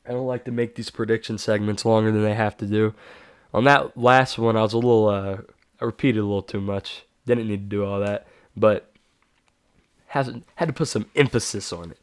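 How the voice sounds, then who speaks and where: Smooth, dry-voiced male sports show host. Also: lowish voice, steady tone, moderate pace, no echo. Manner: casual, self-correcting, hyping players. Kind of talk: solo sports prediction talk.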